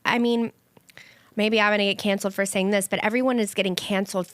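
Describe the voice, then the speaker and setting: A woman comedian chatting as a podcast guest, quick and expressive. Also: medium pitch, no room sound. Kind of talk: casual chat.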